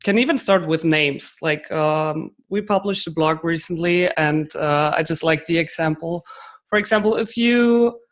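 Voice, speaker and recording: A woman's voice: deep voice, a little slow. Woman explaining with examples. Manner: explains with examples, frequent fillers. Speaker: guest expert. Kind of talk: podcast interview answers.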